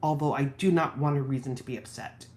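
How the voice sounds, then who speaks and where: A woman's voice: very deep voice, a little fast, a little mellow, a little hiss or hum. A woman vlogger candidly telling a personal story from home, quoting her husband and herself as she goes. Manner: candid, reflective, quotes husband in her own voice. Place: at home office.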